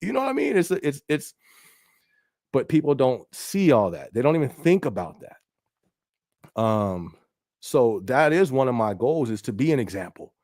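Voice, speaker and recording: A man's voice: medium pitch, big pitch swings, measured pace, long pauses, a little mellow, no echo, studio quality. A man hosting a casual podcast stream, reading viewer comments aloud in a laid-back way and often checking in with "you know what I mean". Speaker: podcast host and rapper.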